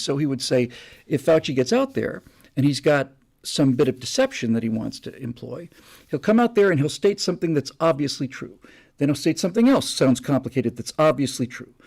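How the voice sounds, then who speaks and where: A man hosting a live stream, telling an anecdote in a casual, animated way with many restarts. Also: medium pitch, fairly quick, creaky, slightly rough. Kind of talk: casual storytelling monologue.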